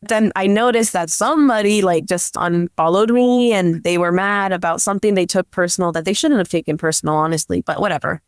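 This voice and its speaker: A woman's voice: on the low side, a little fast, few pauses, clear, resonant tone, no echo, clean studio sound. A young woman, a police dispatcher, telling a story in casual chat and leaning on "like" constantly. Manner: chatty, leans on "like" constantly. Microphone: podcast microphone.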